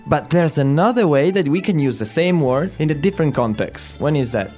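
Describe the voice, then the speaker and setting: Italian man co-hosting, relaxed. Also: on the high side, fairly quick, faint music behind. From Italy. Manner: relaxed, chuckles, hesitant fillers. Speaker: native-speaker co-host.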